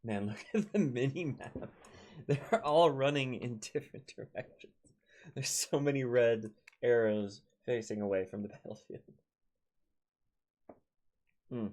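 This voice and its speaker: A man's voice: mid-range voice, expressive, a little slow, long pauses, darkish tone. A young man with a Minnesotan accent, chatting casually as he plays a strategy game and talks to his units. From Minnesota, United States. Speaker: let's play host. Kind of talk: casual gameplay commentary.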